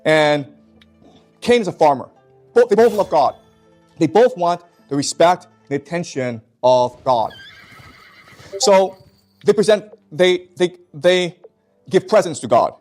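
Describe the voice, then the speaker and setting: A man's voice: on the high side, expressive, a little slow, long pauses, a little mellow, soft background music. A man teaching a class in an emphatic way, often stopping to check that his students follow. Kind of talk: classroom lecture.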